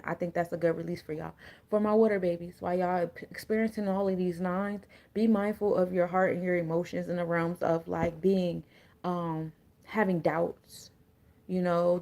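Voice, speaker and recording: A woman's voice: lowish voice, warm tone. A woman, an energy coach and tarot reader talking casually to her viewers, blunt and full of slang and joking asides. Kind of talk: casual spiritual reading to viewers.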